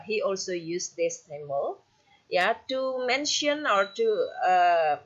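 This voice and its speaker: Slow-spoken Indonesian-accented woman teacher. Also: mid-range voice, lo-fi sound. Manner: slow, explains patiently, tags sentences with "yeah". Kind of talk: recorded lecture on poetry.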